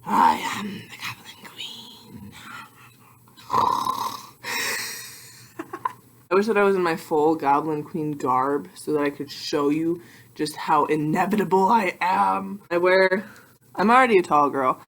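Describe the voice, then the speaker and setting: A young adult woman vlogging casually to her computer webcam, rambling and excitable with self-mocking asides. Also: lowish voice, normal speed, slight background noise. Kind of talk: casual vlog talk to camera.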